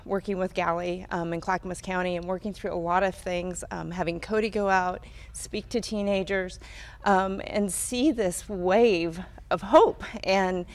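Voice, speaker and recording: A middle-aged woman speaking as a guest at a live town hall, earnest and halting, with many pauses and ums. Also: mid-range voice, a little mellow. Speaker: guest, mother of a survivor.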